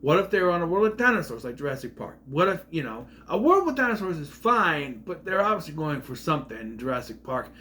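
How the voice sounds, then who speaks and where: Man, casual review vlog, opinionated, rambling, fairly high voice. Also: big pitch swings, fast talker, hardly any pauses, pushed and bright. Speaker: TV series reviewer.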